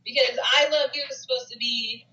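A woman's voice: on the high side, steady tone, a little fast, sharp tone. A woman in a casual group chat, thoughtful and clarifying what others mean. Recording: roomy, dull lo-fi audio.

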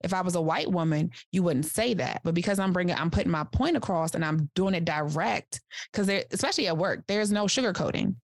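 A woman life coach giving casual podcast advice in a direct, animated way, acting out little examples as she talks. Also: on the low side, fairly quick, dry recording, studio quality. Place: studio couch.

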